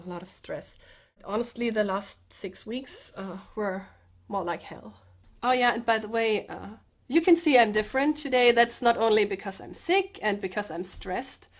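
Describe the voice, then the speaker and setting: A sick woman vlogger talking in a subdued, slightly sedated way, halting and restarting as she speaks from the floor at home. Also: mid-range voice. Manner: halting, hesitant, with many restarts. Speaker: comedian and vlogger. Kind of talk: personal confessional vlog. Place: indoors, sitting on the floor with pillows.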